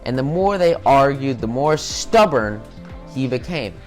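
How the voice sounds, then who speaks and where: A man teaching business skills in a loose, conversational way, circling back and repeating words as he goes. His voice sits at an ordinary middle pitch. Faint music plays softly underneath. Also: expressive, a little slow. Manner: conversational, many fillers and repetitions. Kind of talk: casual recorded lecture.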